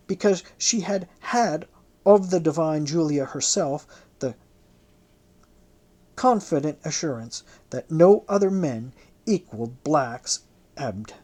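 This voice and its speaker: An audiobook narrator reading a historical novel in the first person, in a measured, literary way. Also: mid-range voice, darkish tone.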